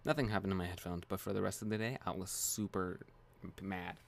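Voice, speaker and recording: Young dude w/ a low gravelly voice, chill and slangy, reading a story, bit of hiss. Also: male voice, fast. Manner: relaxed, slangy, says "bro" and "dude". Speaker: co-host reading stories. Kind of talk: casual chat and story reading.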